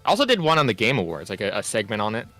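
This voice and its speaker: A man's voice: on the low side, wildly swooping pitch, rapid-fire, bright, forceful tone, faint music behind. A man who works as a video editor, chatting casually on a stream and rambling as he loses his train of thought. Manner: rambling, trailing off.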